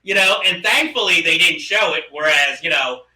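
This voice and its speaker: A man co-hosting a casual movie discussion podcast, animated and laughing often as he acts out lines. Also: fairly high pitch, moderate pace, roomy sound, recorded from a distance, rough recording. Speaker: podcast co-host.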